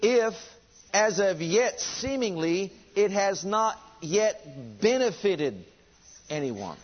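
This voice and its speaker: A man's voice: sits high, very animated, takes it slowly, lo-fi sound. A man preaching a sermon, driving his points home with rhetorical questions and emphatic repetition.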